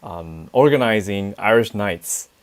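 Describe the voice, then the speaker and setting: Male host, low and smooth, short friendly sign-off lines. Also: animated, a little slow. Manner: brief agreeing interjections, friendly wrap-up. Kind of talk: casual live-stream chat.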